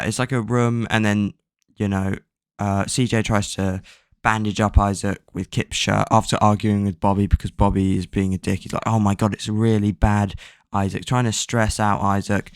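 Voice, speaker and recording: Low, gravelly young guy for a loose, swear-dotted book recap, dry close mic. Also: dry recording. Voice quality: rambling, filler-heavy, swears casually. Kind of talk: casual plot recap.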